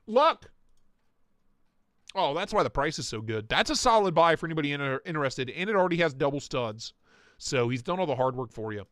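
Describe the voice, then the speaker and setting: A man hosting a casual livestream, reviewing knife listings with crude jokes and frequent laughter, his voice going a bit hoarse. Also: a little high, very animated, fairly quick, a bit bright, no echo, studio quality. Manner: crude joking banter, laughs often. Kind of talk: casual live-stream commentary.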